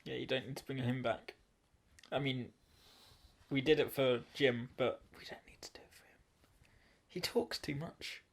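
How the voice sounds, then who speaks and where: A man's voice: medium pitch, fairly even intonation, moderate pace, vocal fry, long pauses. A man hosting a comedy podcast, teasing his guest dryly and trying to rein him in. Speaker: podcast host. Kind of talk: casual comedy chat.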